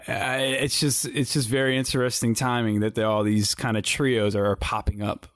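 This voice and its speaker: A man co-hosting a podcast, chatting casually about wrestling in a loose, halting way. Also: mid-range voice, steady tone, dry recording, clean studio sound. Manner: loose, halting, many restarts. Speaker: podcast co-host.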